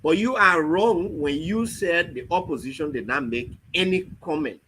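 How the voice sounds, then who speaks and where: A man's voice: a little high, moderate pace, sharp tone, a little hiss or hum, rough recording. A man, an opposition party official debating on a political talk show, pressing his points with argumentative questions.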